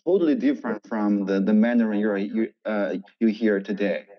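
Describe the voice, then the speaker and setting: A man from northern China with a Chinese accent, a native Chinese speaker, talking as an interview guest; he is halting and often repeats words. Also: lowish voice, no room sound, muffled recording. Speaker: interview guest, English teacher. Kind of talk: casual interview chat.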